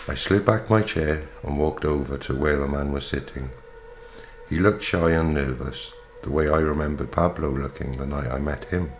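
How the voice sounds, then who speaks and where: A man narrating an audiobook in the first person, with a steady, measured reading. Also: rumbling low. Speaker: audiobook reader. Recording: reading over faint background music.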